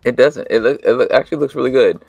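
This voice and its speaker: A man's voice: medium pitch, fast, vocal fry, a little mellow, husky, no room sound, highs cut off, soft background music. A man co-hosting a casual toy talk show, laid-back and a bit hesitant, often restarting his sentences. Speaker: co-host of a toy news show. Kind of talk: casual chat.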